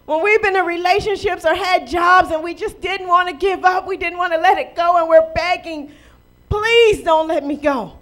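Woman preacher, very high voice, lively sermon w/ lots of questions, bit of aave. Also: brisk, few pauses. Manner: lively preaching with rhetorical questions and playful acted quotes. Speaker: pastor.

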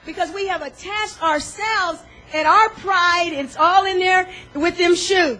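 A woman preaching a sermon, animated, acting out inner voices and swinging between loud and soft. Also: extremely high pitch, a little slow, hardly any pauses, background noise.

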